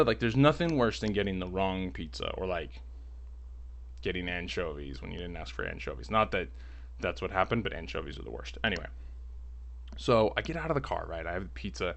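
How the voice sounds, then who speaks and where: A man telling a personal story in a casual, rambling, animated way, filling his talk with "like", at home. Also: low voice, brisk, gravelly. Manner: rambling, animated, heavy use of "like".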